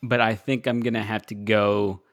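A man co-hosting a podcast, relaxed and joking, quoting favorite movie lines. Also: lowish voice, moderate pace, dry recording, studio quality. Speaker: podcast co-host. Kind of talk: casual chat.

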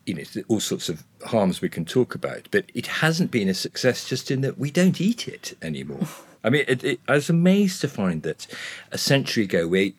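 A man's voice: mid-range voice, husky. A man talking as a guest in a casual discussion, hesitant with many restarts. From Scotland.

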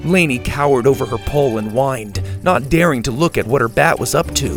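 Gravelly male storybook narrator. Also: medium pitch, fairly quick, few pauses, faint music behind. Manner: even expressive read-aloud.

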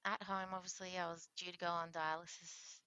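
A woman telling her own story in a candid, animated interview, often laughing and acting out what others said. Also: lowish voice, fairly quick, clear, resonant tone, dry recording, highs cut off. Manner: animated, acts out quoted voices, laughs often. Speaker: interview guest sharing her transplant story.

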